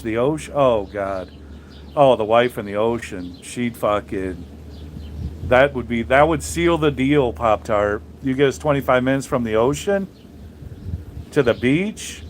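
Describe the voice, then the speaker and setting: A man's voice: medium pitch, a little hiss or hum. A man who drives trucks, chatting casually on a live stream and answering viewers, blunt and profane, rambling with many restarts.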